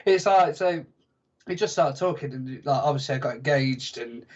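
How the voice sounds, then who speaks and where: A man's voice: a little high, normal speed, highs cut off. A young man telling stories as a podcast guest, chatty and self-mocking. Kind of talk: casual podcast chat.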